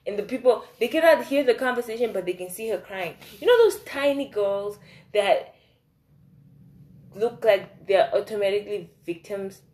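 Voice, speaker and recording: A young woman tells a casual storytime to her viewers. Her voice sits at an ordinary middle pitch, and she rambles in an animated way, full of fillers, asides and swearing. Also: normal speed. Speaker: vlogger.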